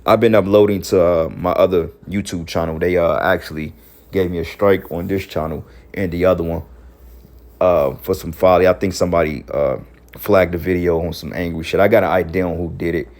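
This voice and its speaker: A man giving heated, profane preaching commentary, scolding his listeners and rising to shouts. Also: low-pitched, fairly even intonation, a little fast. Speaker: religious commentator.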